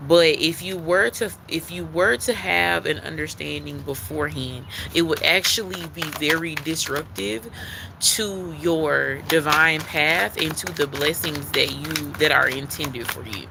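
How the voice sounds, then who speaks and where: A man's voice: a little high, measured pace, gravelly, background noise. A man giving a live-streamed spiritual tarot card reading, talking in an earnest, repetitive way that leans on emphasis like a preacher.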